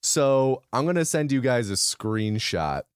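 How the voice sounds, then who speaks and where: A man co-hosting a casual movie podcast, explaining things in an expressive, detailed way. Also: mid-range voice, unhurried, smooth, no room sound, studio quality. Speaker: podcast co-host.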